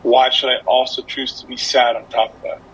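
A student chimes into a class discussion in a bright, forceful voice. He sounds hesitant, often restarting and repeating words as he speaks, with a faint noise behind him. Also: mid-range voice, little pitch movement, fairly quick, rough recording.

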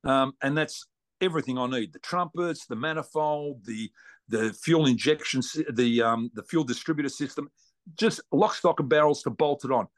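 An Australian man, a guest from the racing world, tells a long, casual story in a blunt, salty, colloquial way. His voice is medium in pitch and moves at a moderate pace.

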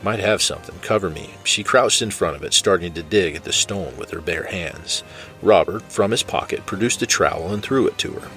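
A man narrating fiction in a steady, measured way. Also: low voice, soft background music.

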